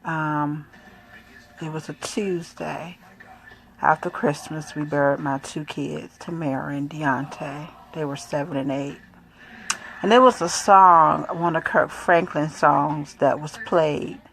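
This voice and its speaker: A middle-aged woman giving a personal faith testimony, speaking softly and haltingly with many pauses and fillers. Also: low voice, fairly even intonation, creaky, rough recording. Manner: soft, quiet, emotional delivery. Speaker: grieving mother sharing her faith.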